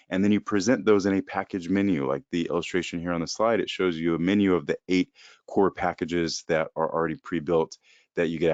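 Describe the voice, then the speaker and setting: A man's voice: sits low, no room sound, lo-fi sound. A man presenting a slide-based business webinar for accounting firms, explaining steadily with frequent "uh" fillers. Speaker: presenter for an accounting-firm coaching program.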